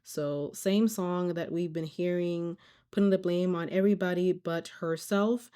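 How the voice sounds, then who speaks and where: A woman's voice: on the low side, steady tone, measured pace, dark tone, clean tone. A woman hosting a reaction commentary video, summarizing a clip for viewers in a wry, direct way. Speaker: YouTube commentary host.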